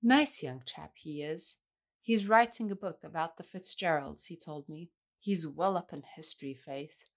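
A man's voice: a little high, unhurried, vocal fry, a bit bright. A woman reader voicing a jovial, boisterous man who keeps exclaiming and sneezing. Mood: chatty.

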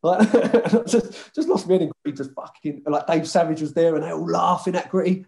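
A gravelly voice on the high side, at normal speed, belongs to a former footballer guest. He tells rowdy stories of his football days in a casual chat, cursing freely, laughing often, and imitating other people.

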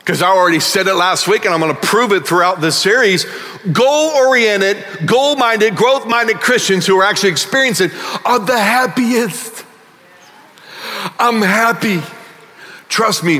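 A middle-aged male pastor preaching a sermon emphatically, swinging between loud bursts and quiet asides in a large church hall. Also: high-pitched.

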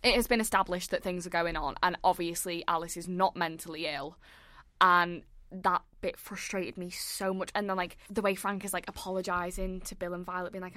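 A woman's voice: lowish voice, steady tone, brisk, pushed and bright, no room sound, studio quality. A woman co-hosting a podcast in casual chat, reacting animatedly to a film and acting out its lines, with many "like"s. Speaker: podcast co-host.

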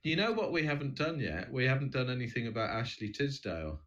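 A man's voice: medium pitch, big pitch swings, fast talker, a bit bright, muffled recording. Playful mock-serious British man co-host. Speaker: podcast co-host. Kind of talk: casual chat.

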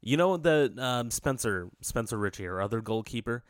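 A male podcast co-host playing an exasperated male soccer coach in his own voice in a comedy sketch, talking haltingly with many fillers. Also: mid-range voice, expressive, no echo, clean studio sound, lightly acted. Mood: awkward.

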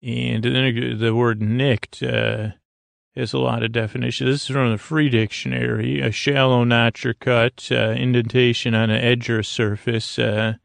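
A man hosting a bedtime podcast, recapping a story in a meandering, low-key way full of "uh" and "he goes". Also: little pitch movement, a little slow, gravelly, dry recording. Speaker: podcast host. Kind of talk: rambling bedtime episode recap.

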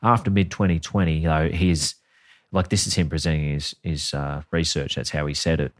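An extremely low-pitched man with a steady tone and moderate pace co-hosts a casual comedy podcast, recorded with no echo and clean studio sound. He tells a story in a sweary, sardonic way, reading quotes aloud.

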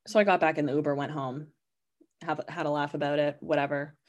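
Chatty woman podcaster, slightly low. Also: flat delivery, fairly quick, dull audio. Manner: rambling, chatty, heavy use of "like" fillers. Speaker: podcast host. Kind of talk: casual storytelling monologue.

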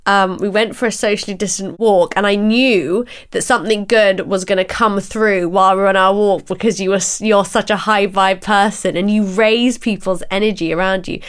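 A woman hosting a podcast interview, speaking in a warm, effusive, gushing way. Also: mid-range voice, clear, resonant tone. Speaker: podcast host. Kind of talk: casual interview chat.

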